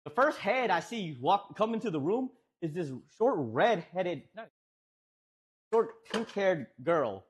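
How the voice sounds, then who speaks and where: A man streaming from home, telling a rambling, animated story with lots of restarts and fillers. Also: sits high, takes it slowly, husky.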